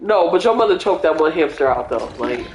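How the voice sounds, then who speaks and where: A woman's voice: deep voice, sing-song, fairly quick, darkish tone, slight background noise. A young woman chatting casually as a livestreamer, rambling through stories with lots of fillers. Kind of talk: casual chat. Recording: roomy echo with faint music.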